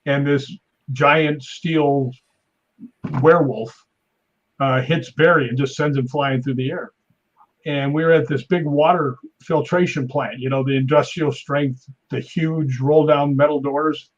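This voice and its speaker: A man in his fifties, a stuntman guest on a talk show, telling animated anecdotes with sound effects and chuckles. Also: on the high side, a little slow. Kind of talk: casual interview storytelling. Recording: dull lo-fi sound.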